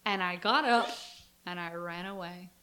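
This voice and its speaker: A woman's voice: lowish voice, measured pace, bright, forceful tone. A young woman co-hosting a podcast, telling a childhood story in casual chat and acting out her family's reactions. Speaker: podcast co-host.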